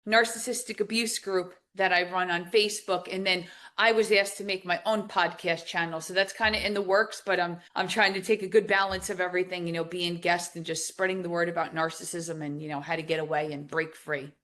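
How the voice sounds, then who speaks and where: A middle-aged woman from New Jersey, a podcast guest talking casually, animated and emphatic as she tells stories. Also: lowish voice, a little fast, hardly any pauses. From New Jersey, USA. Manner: animated storyteller, lively emphatic outbursts. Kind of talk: casual conversational interview.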